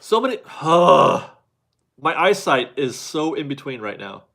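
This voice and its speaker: Guy doing a casual livestream, kinda high voice, rambly and laughing a lot, talking to chat. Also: sing-song, a little slow, vocal fry, fairly bright tone. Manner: rambling, chatty, laughs often, restarts sentences. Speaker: livestream host reading viewer chat. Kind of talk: casual live-stream chat.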